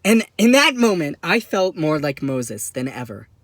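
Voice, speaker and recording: A young man performing a stand-up story, acting out other people's voices and swinging from hushed to loud. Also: on the high side, very animated, moderate pace, no room sound. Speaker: stand-up comedian.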